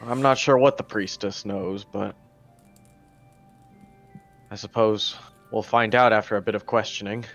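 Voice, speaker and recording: A man taking part as a player in a tabletop role-play, speaking in a calm, measured way. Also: on the low side, soft background music. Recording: dull lo-fi mic.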